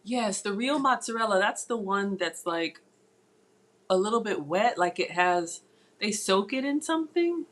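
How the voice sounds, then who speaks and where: A woman's voice: mid-range voice, animated, a little slow. A woman hosting a live cooking stream from her home kitchen, chatting with viewers and reading their comments aloud as she works. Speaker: cooking channel host. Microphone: tablet on the counter.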